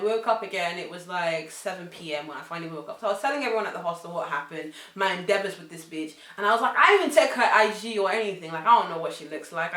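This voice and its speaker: A young woman telling a casual story, swinging between loud outbursts and hushed asides. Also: fairly low pitch. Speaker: vlogger. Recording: echoey room.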